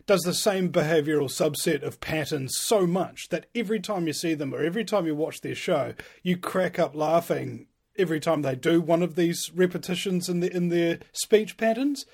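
A man talks in a higher-than-usual voice. He is relaxed and slangy and often chuckles through casual chat. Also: moderate pace, hardly any pauses, slightly rough. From New Zealand. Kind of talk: casual conversation.

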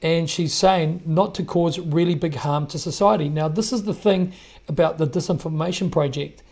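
A man's voice: fairly high pitch, moderate pace, gravelly, darkish tone. A man hosting a podcast, giving indignant, emphatic commentary on played clips and often repeating himself. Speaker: podcast host.

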